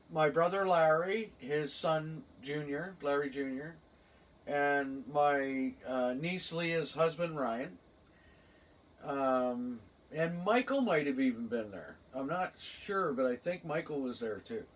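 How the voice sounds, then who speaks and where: A man's voice: on the high side, expressive, slow pace. A man with a Cape Breton accent telling a rambling funny story in casual chat, laughing often. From Cape Breton, Canada. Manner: rambling, laughs often, acts out quoted voices loudly. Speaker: podcast host. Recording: distant mic with faint room noise.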